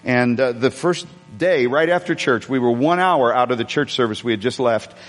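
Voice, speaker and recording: A man's voice: medium pitch, normal speed, long reverb tail. A man preaching a sermon, telling a personal story conversationally with frequent restarts. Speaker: pastor.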